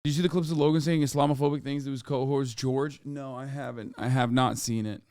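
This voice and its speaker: Smooth-voiced, profane male streamer. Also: medium pitch, steady tone, fast, darkish tone, no room sound, studio quality. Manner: profane, incredulous, off-the-cuff. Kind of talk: casual live-stream reaction.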